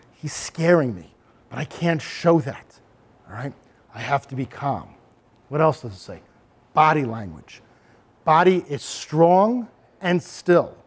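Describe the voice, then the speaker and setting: High-voiced man giving a workshop talk. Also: slightly rough. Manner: demonstrative, acts out calm assertive speech. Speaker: anti-bullying presenter. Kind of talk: workshop presentation to parents.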